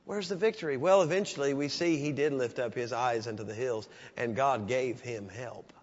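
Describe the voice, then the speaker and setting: A pastor preaching a sermon, swinging from loud raised peaks down to hushed, low passages. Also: male voice, moderate pace. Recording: dull sound with long church reverb.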